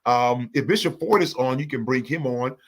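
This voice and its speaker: Husky man greeting livestream viewers. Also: medium pitch, normal speed. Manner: energetic, calls out commenters by name and blesses them. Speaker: livestream host of a church organization. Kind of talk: live online chat greeting viewers. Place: Indianapolis.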